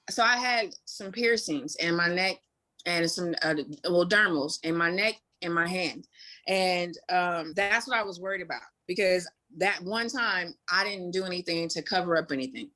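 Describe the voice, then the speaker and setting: A woman's voice: lowish voice, bright, forceful tone. Blunt, profane young woman telling her story. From Indiana. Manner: candid and profane, swearing freely, quick asides, many fillers. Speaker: guest. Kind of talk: casual interview storytelling.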